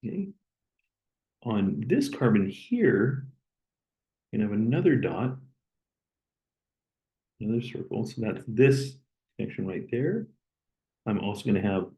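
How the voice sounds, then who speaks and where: A man lecturing, explaining step by step as he draws and pausing on an occasional "okay". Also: fairly low pitch, sing-song, creaky, dark tone, poor audio. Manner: plain, step-by-step explaining with okays. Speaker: chemistry lecturer. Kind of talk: recorded lecture while drawing.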